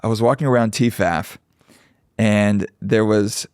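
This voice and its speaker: A man's voice: on the low side, measured pace, clean tone, dry recording, clean studio sound. A man co-hosting a podcast, telling stories animatedly with swearing and impressions. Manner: animated storyteller, swears, mimics people he overheard. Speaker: podcast co-host. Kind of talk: casual chat.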